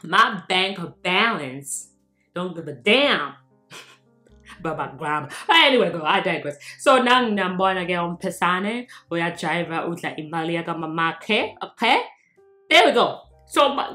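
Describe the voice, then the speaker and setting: A woman's voice: lowish voice, bright, forceful tone, reverberant. Mocking South African woman vlogger. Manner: mocking, laughing often, switching between English and local languages. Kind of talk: casual commentary vlog.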